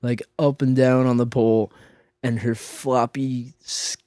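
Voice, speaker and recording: A man's voice: medium pitch, flat delivery, unhurried, mellow, no room sound. A man tells an embarrassing story to a friend in loose, rambling chat. He leans on "like" fillers and restarts his sentences. The mic is close and the sound is dry. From Minnesota. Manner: rambling, lots of "like" fillers, self-interrupting. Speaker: podcast co-host.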